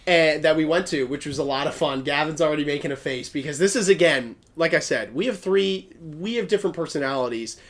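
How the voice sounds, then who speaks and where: A man's voice: a little high, a little fast, few pauses. A young man co-hosting a podcast, recapping the night in upbeat, casually profane chat. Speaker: podcast co-host.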